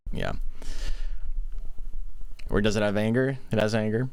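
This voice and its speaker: A man giving casual play-by-play commentary on a monster-raising game tournament, chatting quickly and answering questions from chat. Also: on the low side, gravelly, a little mellow, clean tone, no echo.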